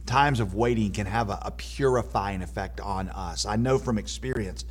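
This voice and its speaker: A man's voice: on the low side, moderate pace, breathy edge. A man preaching a sermon, earnest and slightly hesitant, repeating words as he searches for phrasing.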